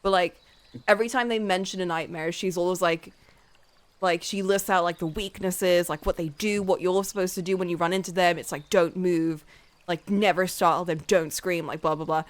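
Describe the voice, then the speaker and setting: Animated young woman retelling a book. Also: on the low side, moderate pace. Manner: animated storyteller, lots of "like", acts out dialogue in quotes. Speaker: streamer. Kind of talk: casual chat retelling a book. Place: home room while drawing on stream.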